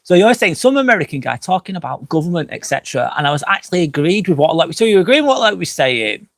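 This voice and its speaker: A man hosting a casual live stream outdoors by a fire pit, a little drunk on wine, rambling through chat comments with lots of swearing and quick apologies. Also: fairly high pitch, very animated, gravelly, a bit bright, no room sound. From England. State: tipsy from wine.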